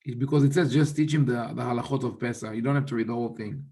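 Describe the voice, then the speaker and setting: Rabbi guy explaining texts, thinks out loud, lots of restarts, mid pitch. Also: fairly even intonation, very fast. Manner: thoughtful, many restarts and Hebrew quotations. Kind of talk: explanatory Torah teaching.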